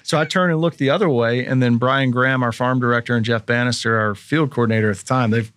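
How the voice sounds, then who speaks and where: Man telling a story with lively quoted voices. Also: mid-range voice, quick pace, clear, resonant tone, no room sound, studio quality. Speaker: guest, former pro baseball pitcher. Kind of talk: casual storytelling interview.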